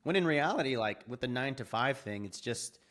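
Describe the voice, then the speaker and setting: Young adult man, podcast guest, lively casual storyteller, medium pitch. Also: fairly quick. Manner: animated, acts out quoted dialogue with laughs.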